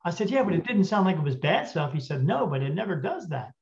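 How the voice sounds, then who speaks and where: Male podcast guest, slightly high voice, retells a story with acted-out dialogue, frequent throat clearing, lo-fi recording. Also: fast talker. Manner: animated retelling with quoted dialogue. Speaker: guest spirit medium. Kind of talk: casual storytelling. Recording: dull lo-fi audio.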